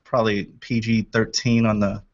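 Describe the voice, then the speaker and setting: A man's voice: fairly low pitch, level tone, normal speed. Easygoing male co-host, lo-fi call. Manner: easygoing, hesitant, laughs at himself. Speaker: co-host introducing music. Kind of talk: casual chat. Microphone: video call. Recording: dull lo-fi online video call.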